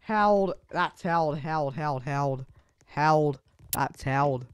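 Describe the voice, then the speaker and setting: A young man commentating a live game, switching between muttered asides and sudden excited shouts. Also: a little high, very slow, smooth, no room sound. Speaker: sports commentator.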